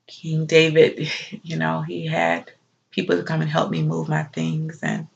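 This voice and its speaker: Slow tearful biblical monologue, grieving young wife and mother played by a woman, gravelly voice, dull lo-fi sound. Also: deep voice, sing-song, exaggerated voice. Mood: sorrowful. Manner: slow, soft-spoken, tearful. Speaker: monologue performer. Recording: dull lo-fi recording.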